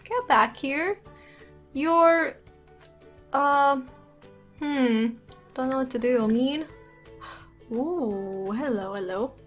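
A woman with a high voice narrates her video game at a relaxed, unhurried pace, laughing often and reacting aloud. She speaks close to a desk microphone. Faint game music plays underneath. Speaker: gaming YouTuber. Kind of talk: let's play commentary. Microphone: desk USB microphone.

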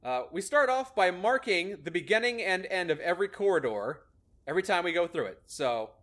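Lively high-voiced man explaining gameplay. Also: a little fast. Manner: explanatory, upbeat, laughs often. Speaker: host explaining a maze algorithm in a game. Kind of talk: casual gameplay commentary.

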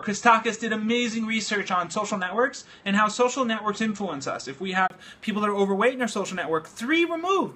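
Male livestream host, bright and high, boozy and excitable, swears casually, home studio. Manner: excitable, loose and swearing, drinking beer while talking. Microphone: phone livestream app.

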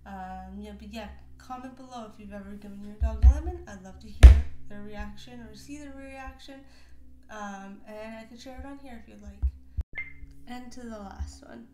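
A young woman with a highish voice speaks at a moderate pace over background music, in an echoey room with faint noise. Hosting a casual reaction video, she's giggly and chatty and imagines the pets' thoughts aloud.

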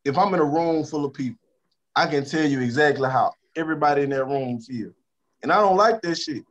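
Man, Louisiana accent, slightly high pitch, emphatic, repetitive, casual interview. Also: brisk, lo-fi sound. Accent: Southern US, Louisiana. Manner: emphatic and repetitive, drops to a subdued tone about stress. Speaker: rapper, interview guest.

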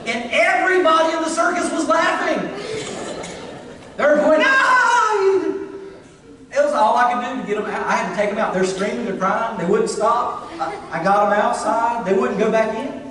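A middle-aged man, preaching a sermon with funny, animated storytelling. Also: extremely high pitch, normal speed, a crowd in the background. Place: church sanctuary. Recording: distant, echoey church hall.

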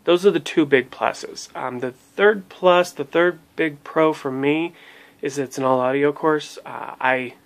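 A man's voice: on the high side, a little slow. A man giving a casual spoken review of a language course, talking with many fillers and restarts. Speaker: language learning blogger.

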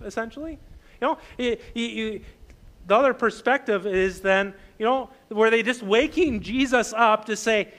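A man giving a sermon as a pastor, talking conversationally with many fillers and restarts, lively when acting out scenes and quiet when personal. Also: moderate pace. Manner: animated and loud when voicing the disciples, quiet and low when personal.

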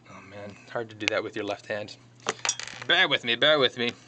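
A man's voice: on the low side, normal speed, noisy background. Chatty man teaching drum chart reading. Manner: chatty, counts rhythms aloud, thinks out loud. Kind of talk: casual music lesson walkthrough.

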